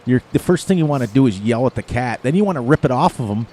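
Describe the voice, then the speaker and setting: A man's voice: medium pitch, lively intonation, fast, warm tone, a little hiss or hum. A middle-aged man hosting a gaming channel, chatting casually over gameplay and telling rambling stories with frequent laughter.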